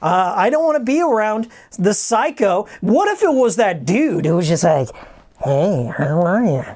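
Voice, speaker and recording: A man's voice: high voice, big pitch swings, moderate pace, a little mellow. A male streamer telling a crude, exasperated story in a casual, profane rant. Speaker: streamer host. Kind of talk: casual ranting anecdote.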